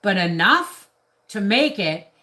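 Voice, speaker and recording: A woman's voice: medium pitch, very animated, slow pace, bright, forceful tone. A middle-aged woman from Canada talking on a casual live stream, ranting in a rambling, indignant way with restarts. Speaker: homestead vlogger on a live stream.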